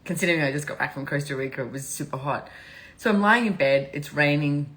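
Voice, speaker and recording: Low-voiced woman talking candidly on a live. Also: fast talker, fairly bright tone, low-quality recording. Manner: rambling, candid and emotional, laughs often. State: teary. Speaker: host of a live stream. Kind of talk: casual live-stream talk.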